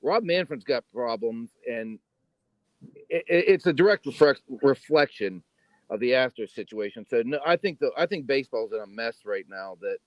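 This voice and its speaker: A man co-hosting a sports podcast, speaking in a measured, emphatic way. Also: mid-range voice, animated, no echo, dull audio. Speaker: podcast co-host. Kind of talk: casual sports chat.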